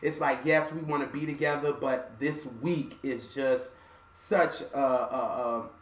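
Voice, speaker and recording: A man hosting a music show, telling an emotional personal story in a halting, soft-spoken way with many fillers. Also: medium pitch, steady tone, roomy sound, recorded from a distance.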